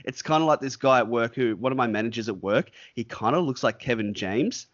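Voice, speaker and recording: A man's voice: mid-range voice, lively intonation, brisk, dry recording, dull audio. A man hosting a casual podcast interview, talking hesitantly with many fillers and restarts. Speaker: podcast host interviewing a guest.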